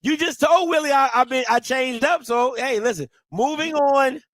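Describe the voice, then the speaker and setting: A man's voice: extremely high pitch, normal speed, a bit bright, no echo. A man co-hosting a sports talk show, chatting casually with a playful, teasing manner. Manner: playful, teasing back-and-forth.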